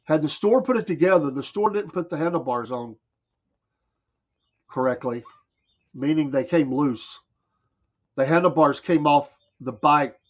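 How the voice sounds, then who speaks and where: Southern American male host, a bit high-pitched, folksy storyteller who laughs easily, dull lo-fi stream sound. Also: measured pace, pauses often. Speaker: radio show host. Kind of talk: casual morning show chat, reading chat comments.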